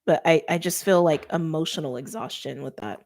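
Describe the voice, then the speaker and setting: A woman with a slightly low voice gives a relaxed, chatty tarot reading to camera. She talks to her viewers as if they were friends, peppering her talk with "like" and quick little laughs. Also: slight background noise. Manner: talks straight to viewers by sign. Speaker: tarot reader.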